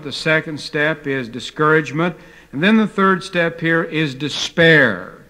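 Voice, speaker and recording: Slow, higher-voiced older Bible teacher. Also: male voice, sharp tone. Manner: folksy storytelling with hesitant fillers. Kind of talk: taped Bible lecture.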